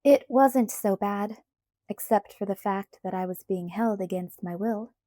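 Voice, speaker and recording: A woman narrating a novel aloud in the first person with steady, measured reading. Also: medium pitch, dry recording. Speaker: audiobook narrator.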